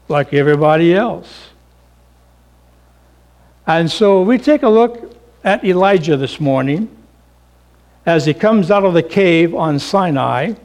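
A man pastor preaching a sermon, swinging between loud emphasis and hushed, near-whispered lines. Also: sits high.

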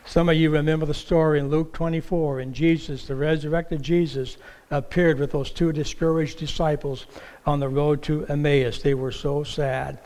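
Preacher with a raised voice in a reverberant hall. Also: male voice, on the high side, normal speed. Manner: animated storytelling, acts out voices in quotes. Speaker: pastor. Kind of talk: sermon. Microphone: stage microphone with monitor.

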